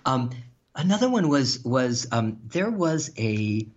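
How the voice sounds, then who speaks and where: A man telling stories in casual chat, animated and laughing, with some swearing. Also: mid-range voice, takes it slowly. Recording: dull lo-fi sound.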